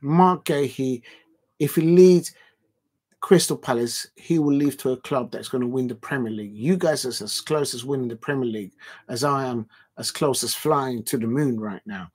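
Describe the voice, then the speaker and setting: A man's voice: mid-range voice, normal speed, husky. A man hosting a live football watch-along, bantering with his viewers, rambling with lots of fillers and restarts, and his voice jumps up whenever he protests. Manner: animated football banter, voice jumping up when protesting. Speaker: livestream watch-along host. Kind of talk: casual livestream chat reading out viewer comments.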